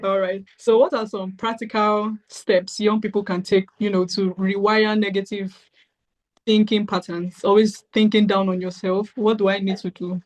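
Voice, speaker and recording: A woman hosts a casual podcast interview at an ordinary middle pitch. She asks her questions plainly and answers her guest with frequent short affirmations. Her delivery stays relaxed and conversational. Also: normal speed. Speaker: podcast host.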